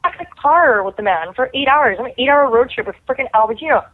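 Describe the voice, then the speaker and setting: A woman, a guest actor telling stories in a chatty, animated way full of "like" fillers. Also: high-pitched, fast. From Canada. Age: 30s. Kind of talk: casual storytelling. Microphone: phone call. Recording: tinny phone line.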